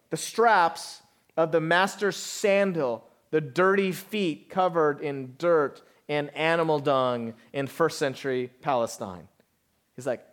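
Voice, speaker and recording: A man pastor giving a sermon in an explanatory, conversational teaching manner. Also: high-pitched.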